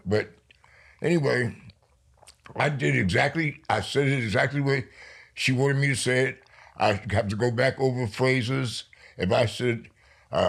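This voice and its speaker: Older New York man, gravelly voice, lively storyteller guest on an interview show. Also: mid-range voice. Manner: lively storyteller, slows down for emphasis. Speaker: poet guest.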